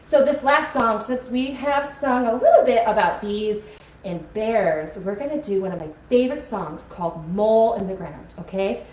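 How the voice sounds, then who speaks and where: A woman's voice: on the high side, moderate pace, darkish tone. A young woman teaching a kids' music lesson on a live stream, coaxing children to join in with motions. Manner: upbeat, coaxing, talks to kids with motions. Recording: echoey room with faint music.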